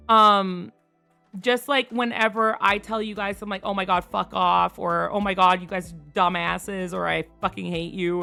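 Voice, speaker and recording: A woman streamer chatting casually on a live stream, frank and quick to laugh, swearing freely. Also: on the high side, sharp tone.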